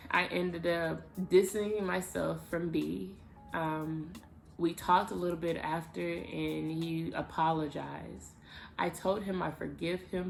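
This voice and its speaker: Low, gravelly woman telling a story. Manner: animated, vivid retelling with emphatic bursts. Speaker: vlogger. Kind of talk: casual storytelling to camera.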